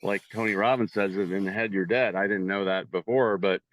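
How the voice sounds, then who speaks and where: A man hosting a songwriting circle over a video call, talking reflectively in a halting way with lots of restarts. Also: on the low side, steady tone, a bit bright. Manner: halting, many restarts and fillers. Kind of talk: reflective casual talk. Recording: dry, dull lo-fi call audio.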